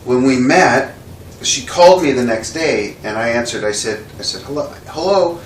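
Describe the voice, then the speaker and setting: A man being interviewed, telling a casual anecdote and acting out the quoted dialogue with lively shifts in voice. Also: medium pitch, moderate pace. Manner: animated storyteller who acts out quoted dialogue. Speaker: interview guest, drummer. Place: indoor room with a window. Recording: roomy echo, mic at a distance, faint background noise.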